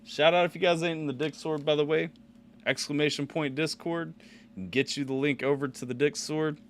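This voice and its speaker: A man hosting a live music reaction stream, bantering loudly with laughs and swearing. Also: on the high side, steady tone, normal speed, slight background noise. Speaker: stream host.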